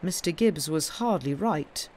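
A woman reading aloud, voicing a small, quiet priest with a calm, colourless voice. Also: low voice, unhurried, a little hiss or hum.

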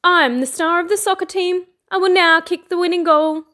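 A boastful little boy fox from a picture book, loud and quick to sulk, as a teacher puts him on. The voice sits high and excited, throwing out dramatic exclamations between games. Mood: boastful play. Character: young boy fox, boastful and easily frustrated. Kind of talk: picture-book read-aloud. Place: school.

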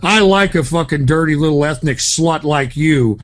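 A man with a fairly high voice rants and swears on prank phone calls, and he is loud and abrasive the whole way through. His voice sounds close and dry, with almost no room around it. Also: normal speed, no echo. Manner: loud, profane, ranting. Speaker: prank caller host.

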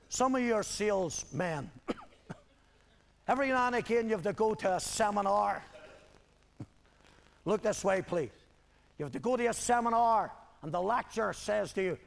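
A man's voice: high-pitched, expressive, measured pace, creaky, long pauses. An older man, preaching a sermon as pastor with emphatic, repeated rhetorical questions. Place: church hall. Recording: hall echo on old video tape.

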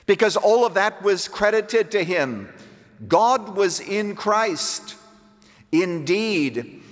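A man preaches a sermon at an unhurried, deliberate pace, his voice trailing off into long reverb. He moves from hushed, low lines to emphatic ones, and he sounds like a pastor in a church sanctuary.

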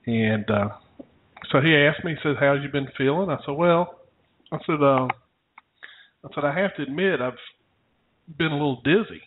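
A man's voice: fairly high pitch, moderate pace, pauses often, slight background noise. A man casually telling a rambling story to his co-host, often chuckling. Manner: rambling, chuckling anecdote teller. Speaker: podcast co-host. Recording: tinny phone-like audio.

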